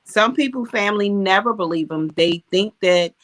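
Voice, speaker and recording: A woman's voice: mid-range voice, normal speed, fairly bright tone. A woman guest talking earnestly in a casual conversation, speaking from her own experience. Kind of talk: casual chat.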